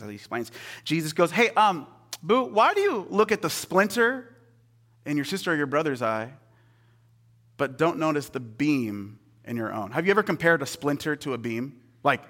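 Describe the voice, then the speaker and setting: A young adult pastor with a mid-range voice gives a casual, conversational sermon, swinging between hushed asides and excited storytelling.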